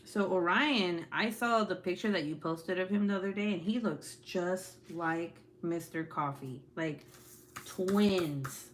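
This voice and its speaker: Chatting casually on a livestream, this mother of several young children jokes about her kids with viewers, laughs a lot and swears freely in slangy talk. She speaks a little slowly in a fairly low voice.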